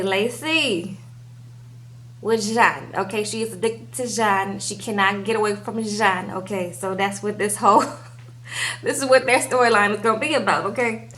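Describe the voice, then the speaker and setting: With a medium-pitched, somewhat bright voice and slight background noise, a young TV recap vlogger chats about a reality TV episode. She keeps tagging lines with "okay?" and performs the cast members' dialogue.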